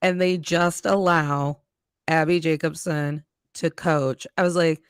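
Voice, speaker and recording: A woman's voice: deep voice, fairly even intonation, clear, resonant tone, dry recording, clean studio sound. A woman co-hosting a podcast, giving blunt, opinionated takes in casual chat. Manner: blunt, opinionated, quick asides. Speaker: podcast co-host. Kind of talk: casual chat film review.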